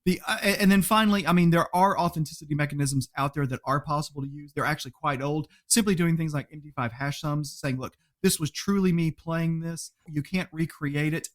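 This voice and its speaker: A man who is a podcast guest, chatting casually, telling animated stories, laughing often and acting out quotes. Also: fairly high pitch. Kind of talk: casual interview chat.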